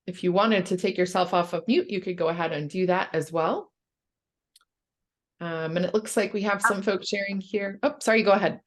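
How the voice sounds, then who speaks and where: A woman presenting a workplace wellness training online, speaking gently with many fillers and reading out a case. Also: fairly low pitch.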